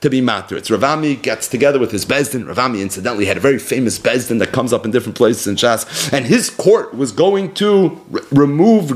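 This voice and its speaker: Man teaching Talmud, lively and conversational. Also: medium pitch. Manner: lively, conversational, chants Aramaic then paraphrases. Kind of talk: Talmud class, translating and explaining.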